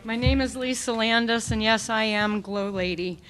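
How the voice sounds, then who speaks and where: A woman giving an emotional, heated public comment at a county meeting podium, speaking in halting bursts. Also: on the high side, a bit bright, slight background noise. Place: county commission meeting room.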